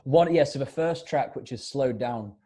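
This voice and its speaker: A man's voice: medium pitch, mellow, breathy edge. A man chatting casually as a guest musician, rambling with many fillers. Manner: rapid, rambling, lots of "like" fillers. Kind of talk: casual video-call chat.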